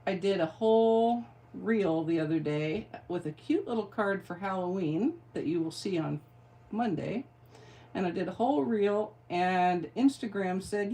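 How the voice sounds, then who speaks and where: A middle-aged woman demonstrates card-making in a tutorial, chatty and playful, wandering off into rambling asides. Her voice is mid-range and warm.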